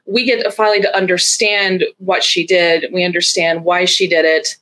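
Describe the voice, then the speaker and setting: A woman's voice: lowish voice, little pitch movement, normal speed, sharp tone. A woman in a casual podcast chat, critiquing passionately and acting out quoted lines.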